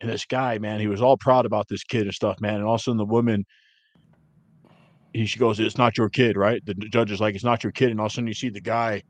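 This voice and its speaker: A man hosting a casual podcast, rambling crudely with constant fillers and getting loud and high when worked up. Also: no echo. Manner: rambling, heavy filler words like "man" and "you know". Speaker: podcast host. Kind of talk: casual ranting chat.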